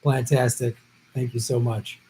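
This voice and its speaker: A man's voice: mid-range voice, little pitch movement, a little slow, warm tone, slight background noise, poor audio. A man hosting a live stream, answering viewer questions in a blunt, profane, unscripted way. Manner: blunt and profane, with heated outbursts.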